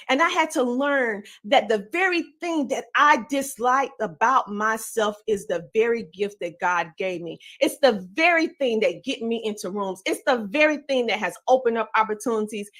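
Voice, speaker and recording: A woman's voice: a little high, fairly bright tone. A woman from the Southern United States with a country twang, giving an emphatic, preacher-like motivational speech as a podcaster and coach.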